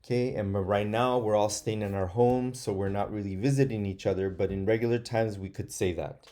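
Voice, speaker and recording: A man's voice: lowish voice, steady tone, dark tone. A man teaching first graders in an online phonics lesson, patiently sounding out words and asking them to repeat after him, with frequent hesitant fillers. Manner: slow, patient, models sounding out words aloud.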